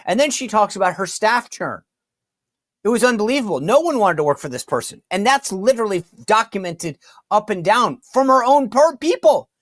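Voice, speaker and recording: Hosting a political talk show, this man delivers an incredulous, emphatic monologue at normal speed, mocking the quotes he reads aloud and repeating himself. His voice sits high, fairly bright and very animated. The recording is clean studio sound with no room sound.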